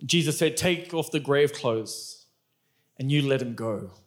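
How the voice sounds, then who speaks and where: A man doing a soft, tender Jesus. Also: mid-range voice, pitched below the performer's own voice, close to an everyday voice. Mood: calm. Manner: soft, gentle, measured. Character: calm, tender male divine speaker.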